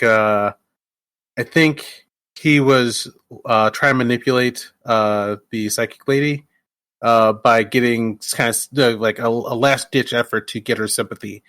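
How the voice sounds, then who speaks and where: A man co-hosting a podcast, talking loosely about films with many fillers, swearing and excited outbursts. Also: mid-range voice, unhurried, clean tone, no echo. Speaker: podcast co-host. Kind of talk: casual chat about a film.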